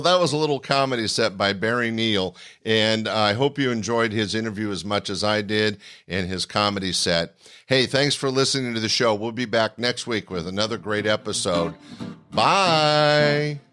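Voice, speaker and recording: Low, bright-toned podcast host. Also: male voice, normal speed, soft background music. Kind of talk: casual show sign-off.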